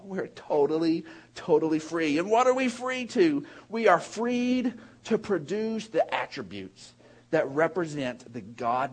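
A man preaching with a notably high voice, swinging between loud, emphatic bursts and quieter, rambling storytelling full of restarts. His delivery is animated and heartfelt, with the lively feel of a pastor carried along by his own message. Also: slightly rough. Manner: rambling asides with many restarts. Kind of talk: sermon.

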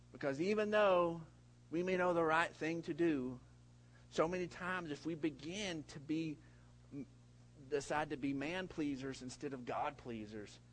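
A middle-aged man preaching a sermon in a folksy way, with big swings in pitch and loudness and many repeated words. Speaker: pastor.

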